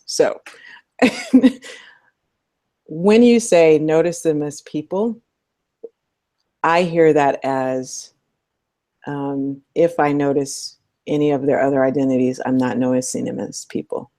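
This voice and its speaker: A middle-aged woman, a social justice educator, talking things through thoughtfully in an interview, animated and quick to laugh. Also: deep voice. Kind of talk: conversational interview.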